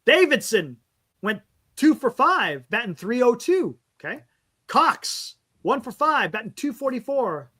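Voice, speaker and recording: A man's voice: extremely high pitch, big pitch swings, unhurried, pushed and bright. A man hosting a casual postgame fan talk show, frank and rambling, stumbling over player names as he reads stats. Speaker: fan podcast host.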